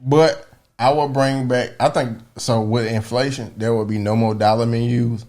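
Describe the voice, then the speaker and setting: A man's voice: medium pitch, fairly even intonation, moderate pace, a little mellow. A young man co-hosting a podcast, chatting casually in loose, profane, reminiscing banter. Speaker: podcast co-host. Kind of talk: casual chat.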